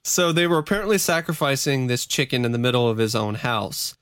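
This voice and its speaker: Podcast co-host, man, smooth clear voice, dry close recording, casual swearing banter. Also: mid-range voice, expressive, brisk, a bit bright, dry recording. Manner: laughing, loose, swearing. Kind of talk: casual true-crime chat.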